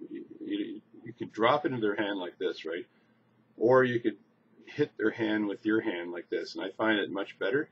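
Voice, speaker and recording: A man casually demonstrating a coin magic trick, relaxed and restarting phrases as he shows each move. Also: fairly low pitch. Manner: relaxed, repeats words and restarts while demonstrating. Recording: slightly dull lo-fi recording with faint noise.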